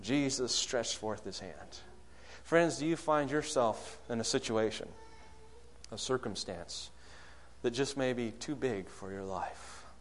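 A man preaching a sermon, asking the congregation questions and swinging from loud, high calls to low, soft lines. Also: takes it slowly. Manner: rises loud and high when acting out quoted prayers, drops low and soft on key lines.

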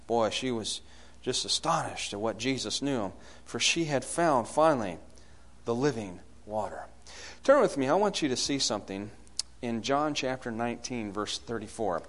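A man preaching a sermon, asking the congregation questions and swinging between loud bursts and hushed lines. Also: mid-range voice, normal speed.

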